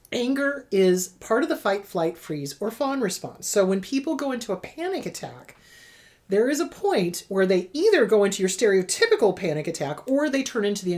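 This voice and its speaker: Middle-aged woman therapist-host, emphatic advice talk, lively swooping pitch. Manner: emphatic, repeats words for stress. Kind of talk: direct-to-camera advice talk.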